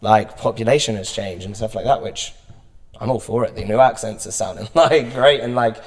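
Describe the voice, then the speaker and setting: A man's voice: lowish voice, normal speed. A British man chatting loosely on a podcast, dropping swear words and fillers. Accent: British English. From United Kingdom. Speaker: guest. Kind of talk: casual podcast chat. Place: studio room. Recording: long room reverb.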